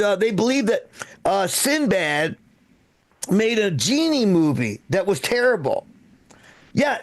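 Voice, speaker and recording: Rambling, profane stand-up comic man. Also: high-pitched. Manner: rambling, profane, self-interrupting delivery. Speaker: stand-up comedian. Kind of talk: stand-up set. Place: live comedy stream with echo. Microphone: own microphone.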